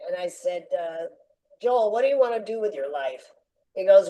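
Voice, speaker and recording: A woman's voice: medium pitch, moderate pace, low-quality recording. An older woman telling a long personal story as a podcast interview guest, acting out the voices of the people she quotes. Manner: lively anecdotal storyteller, acts out quoted voices.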